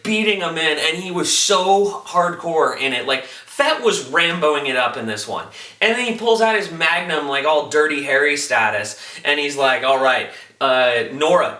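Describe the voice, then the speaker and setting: Excitable young man in an echoey room. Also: high-pitched, recorded from a distance. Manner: animated, acts out quotes, filler "like". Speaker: TV episode reviewer. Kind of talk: excited casual recap.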